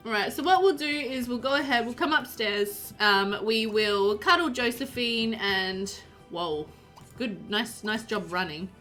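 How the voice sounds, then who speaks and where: A woman's voice: a little high, unhurried, pushed and bright, faint music behind. A woman streaming a life-sim game live, chatting loosely, laughing often and reading out her chat as she plays.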